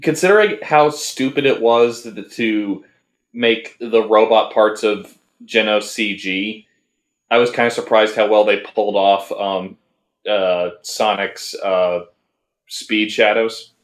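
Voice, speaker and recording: A man's voice: lowish voice, slow pace, roomy sound. A man co-hosting a casual anime review podcast, talking in a rambling, hesitant way with many fillers and restarts. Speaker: podcast co-host.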